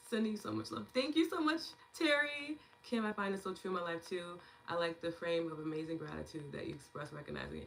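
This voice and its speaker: A woman's voice: on the low side, pushed and bright, slight background noise. A woman hosting a live online gratitude session, chatting casually and affectionately, laughing often as she reads out and thanks viewers' comments.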